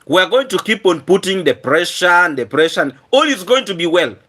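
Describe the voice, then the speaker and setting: A man hosting a casual live stream, hoarse and often clearing his throat, repeating earnest thanks to his viewers. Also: high voice, expressive, a little fast, sharp tone. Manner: repetitive, earnest thank-yous.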